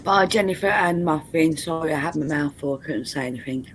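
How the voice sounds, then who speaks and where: Low-voiced British woman, chatty and teasing. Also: fairly quick, slight background noise. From Britain. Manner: laughs often, teasing and chatty. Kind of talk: casual chat on a live stream call.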